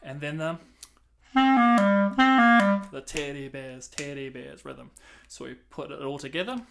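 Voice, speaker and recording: A man's voice: medium pitch, measured pace, gravelly, over loud music. A man teaching clarinet, counting and singing rhythms aloud between casual explanations. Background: clarinet playing between talk.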